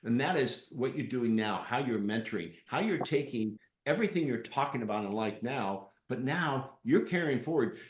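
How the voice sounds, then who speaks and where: A male interviewer and coach who spins animated anecdotes and acts out the voices in them. His pitch sits in the middle. The room gives his voice a roomy echo. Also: normal speed, few pauses, noisy background. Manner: animated storyteller with acted-out quotes. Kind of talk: live interview with storytelling.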